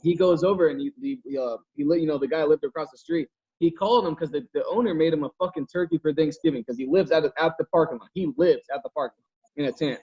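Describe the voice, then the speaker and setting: A man's voice: a little high, fast, dark tone, breathy edge. A man hosting a podcast over a video call, telling a story in a rambling, profane way with lots of fillers. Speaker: podcast host. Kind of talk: casual storytelling chat. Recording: dull lo-fi video call audio.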